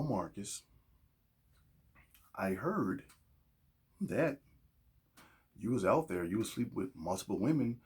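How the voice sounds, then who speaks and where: Husky man preaching on a podcast. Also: medium pitch, darkish tone. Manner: preachy and emphatic, acts out quoted voices. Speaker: podcast host. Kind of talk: casual opinion monologue.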